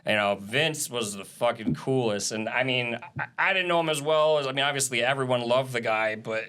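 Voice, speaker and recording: Bright-voiced man telling road stories. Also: medium pitch, brisk, clear, resonant tone. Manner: animated storytelling with frequent swearing and laughs. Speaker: live audio engineer and drummer. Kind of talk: casual podcast interview.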